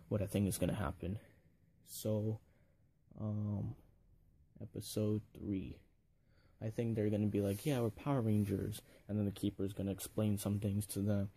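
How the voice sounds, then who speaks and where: A man's voice: on the low side, creaky, warm tone, slight background noise. A young man giving a casual, rambling video review, full of fillers and enthusiasm.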